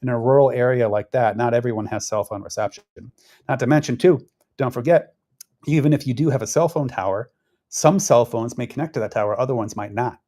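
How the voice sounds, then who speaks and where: A man's voice: mid-range voice, a little fast, dark tone. A man giving casual, rambling political commentary, restarting his sentences often. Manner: rambling, conversational, frequent restarts and fillers.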